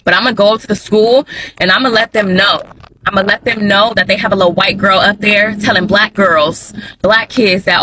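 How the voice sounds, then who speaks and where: A woman's voice: medium pitch, fairly even intonation, brisk, pushed and bright, a little hiss or hum, low-quality recording. An angry mother, talking bluntly and with heat in a personal vlog and hammering her words for emphasis. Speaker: mother vlogger.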